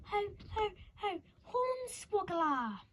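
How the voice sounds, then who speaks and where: A woman's voice: very high voice, very animated, drawn-out words, fairly bright tone, slight background noise, pitched above the performer's own voice, heavily acted. A woman reading a storybook voices a cruel, warty old woman who runs an orphanage, sniggering and barking insults. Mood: gleefully cruel.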